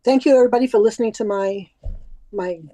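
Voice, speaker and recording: A woman's voice: a little high, fast, dark tone, no room sound, poor audio. A woman guest from Queens, talking emphatically in long runs in a casual chat. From Queens, New York.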